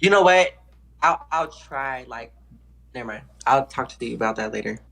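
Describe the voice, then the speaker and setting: A woman's voice: extremely low pitch, lively intonation, normal speed, gravelly, fairly bright tone. Sassy playful young woman. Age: 20s. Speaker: guest. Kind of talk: casual stream chat.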